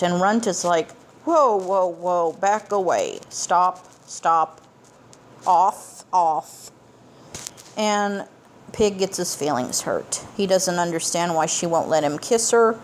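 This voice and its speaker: A woman's voice: fairly low pitch, lively intonation, measured pace, a little hiss or hum. A woman giving a casual plot recap of a film as a reviewer, blunt and profane, with emphatic asides. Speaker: movie reviewer.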